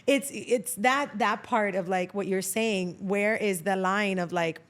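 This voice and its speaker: A woman guest on a podcast, telling lively stories in casual chat, acting out what people said and swearing freely. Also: medium pitch, unhurried.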